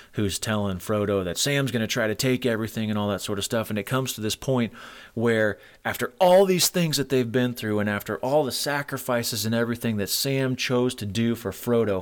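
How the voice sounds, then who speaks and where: A man's voice: on the low side, clean tone. A middle-aged man preaching a sermon to men, earnest and moved, retelling stories with feeling. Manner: emotional, earnest storytelling.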